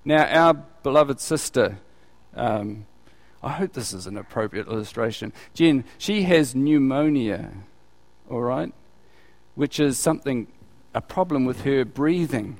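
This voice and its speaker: A man's voice: mid-range voice, lively intonation, a little slow. A man giving conversational Bible teaching as a preacher, often asking his listeners questions. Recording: reverberant hall.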